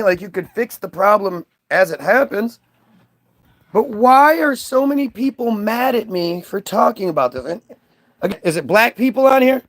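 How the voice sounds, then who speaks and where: In a casual reaction video, a male commentator rants over what he's watching, sounding sarcastic and scornful. His voice is high for a man, a bit bright, with vocal fry.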